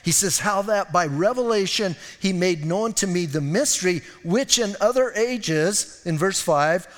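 A male pastor with a fairly high voice preaches in a casual, emphatic manner, often urging his listeners to listen. His sermon rings out with a long reverb in a church sanctuary. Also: animated, a little slow. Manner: emphatic and conversational, repeats "listen", acts out little scenes.

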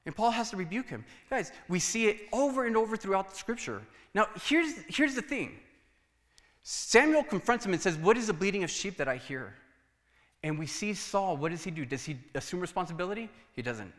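A man's voice: high voice, brisk. A male pastor preaching a sermon in a church, telling stories and acting out conversations. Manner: animated storytelling, acts out dialogue. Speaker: guest pastor. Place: church sanctuary. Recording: church hall reverb.

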